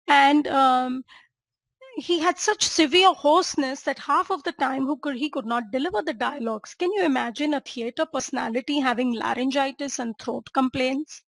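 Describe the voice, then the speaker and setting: A woman's voice: sits high, moderate pace, gravelly, dry recording. A woman doctor, lecturing on a clinical case and drawing listeners in with questions. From India. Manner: engaging, checks in with listeners and asks rhetorical questions. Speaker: homeopathy doctor and teacher.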